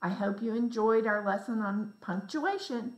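A woman teacher giving a lesson to young children, reading example sentences slowly with exaggerated expression. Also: a little high, echoey room, poor audio. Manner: slow, clear, exaggerated reading for young kids.

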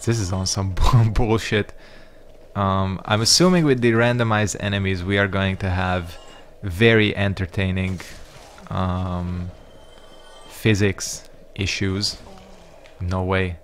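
Low-ish voice guy doing a let's play, rambly and cussing at the game. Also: fairly even intonation, takes it slowly, a little hiss or hum. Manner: rambling, profane, reactive. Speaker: gaming YouTuber. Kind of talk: casual let's-play commentary.

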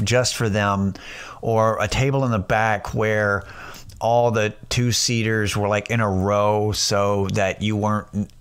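A man hosting a casual solo podcast, telling rambling, profane stories with lots of restarts. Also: lowish voice. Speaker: podcast host.

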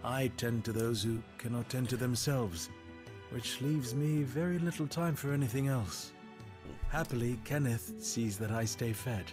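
An actor playing a kind, weary male caretaker of the sick in a video game, gentle and grateful. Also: mid-range voice, unhurried, lightly acted. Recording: game audio with music behind.

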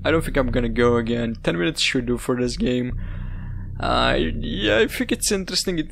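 Gravelly young man. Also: medium pitch, a little hiss or hum. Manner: rambling, swearing, laughing at the game. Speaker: gaming YouTuber. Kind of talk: casual let's-play commentary.

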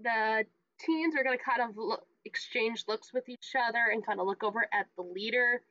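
A woman's voice: fairly high pitch, moderate pace, bright, forceful tone, dry recording. Woman game master, offhand narration, lo-fi dry recording. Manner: casual, describing scenes offhand. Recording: dry, dull lo-fi mic.

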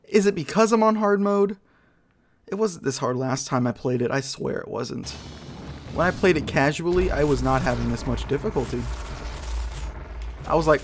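A young man giving casual let's play commentary, frustrated and swearing as he fights a hard boss, with loud outbursts. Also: fairly high pitch, animated, normal speed, long pauses, slight background noise.

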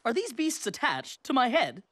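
Casting: a woman playing a dozy cartoon surfer boy, high and drawly, lots of "dude". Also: huge pitch swings, normal speed, a bit bright, full character voice. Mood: prim, confused. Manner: drawling slacker talk, "dude" and "like". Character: laid-back, sleepy young male surfer type.

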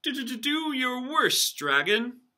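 A man voicing a thin, nervous young male knight who squeaks and stammers in a storybook reading. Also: sing-song, measured pace, exaggerated voice. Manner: stammering, high and loud.

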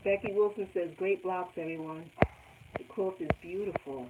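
A woman's voice: lowish voice, steady tone, normal speed. A woman hosting a casual live stream, reading viewers' comments aloud and laughing often. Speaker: quilting channel host. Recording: tinny phone-like sound with loud background noise.

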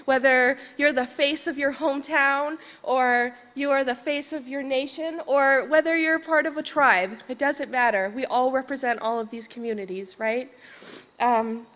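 A high-pitched woman tells a personal story at a conference, laughing often and asking the room "right?" between thoughts. Her voice is emotional and sincere. It carries a long reverberation from a large hall. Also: a bit bright. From Vermont. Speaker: conference speaker, educator.

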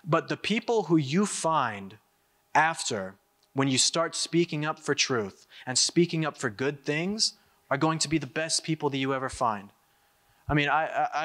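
Bright-voiced young man giving a political speech. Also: medium pitch. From United States. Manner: emphatic, repeats himself, quick asides. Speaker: conference speaker. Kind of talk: political speech to a live audience.

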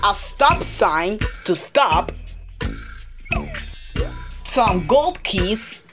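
A woman hosting a homemade kids' show, talking excitedly straight to the children watching. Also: medium pitch, drawn-out words, music in the background. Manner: excited, talks straight to the kids.

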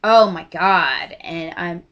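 A young woman telling a story to camera in a casual, gushing way, often trailing off into quiet asides. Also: on the low side, slow pace, dull audio. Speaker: vlogger.

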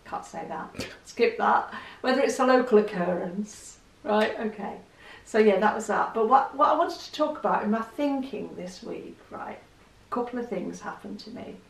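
Chatty woman with a gravelly edge. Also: medium pitch, lively intonation, normal speed, hardly any pauses, echoey room, recorded from a distance, poor audio. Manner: chatty, candid, self-deprecating. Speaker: vlogger. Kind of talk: casual chat to camera.

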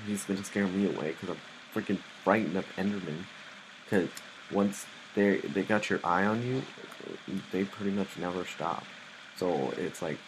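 A man's voice: low voice, background noise. A young man commentating his own live gameplay, easily startled and muttering nervously to himself. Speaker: gamer playing live.

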